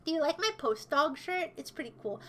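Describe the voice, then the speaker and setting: In an animated voice that sits high, a woman streamer speaks a little fast as she casually responds to chat, teasing and jokingly defending herself in a rambling way. At times she shouts mock-villain commands.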